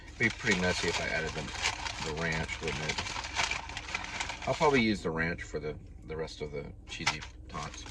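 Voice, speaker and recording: Brief: deep-voiced male delivery driver, rambling mid-meal, heard through a distant camera mic with a noisy car behind him. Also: animated, normal speed. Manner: rambling, talks while chewing. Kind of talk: casual eating vlog.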